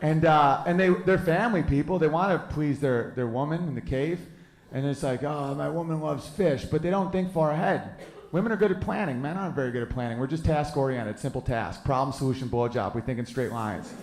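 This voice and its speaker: A man's voice: fairly high pitch, a little fast, a little mellow, reverberant. Man doing a rambling stand-up set. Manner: loose, rambling delivery with goofy put-on voices. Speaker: stand-up comedian. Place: live comedy venue with audience.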